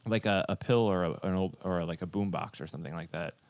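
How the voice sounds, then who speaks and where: A man's voice: deep voice, fast talker, darkish tone, no echo. A man hosting a casual podcast chat, rambling with many fillers and restarts. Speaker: podcast host.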